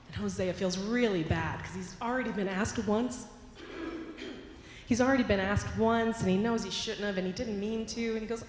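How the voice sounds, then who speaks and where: A woman's voice: mid-range voice, normal speed, slight background noise. Playful woman minister in an echoing sanctuary. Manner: playful, animated storytelling. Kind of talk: sermon storytelling. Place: church sanctuary. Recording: echoey hall with long reverb, faint ambience.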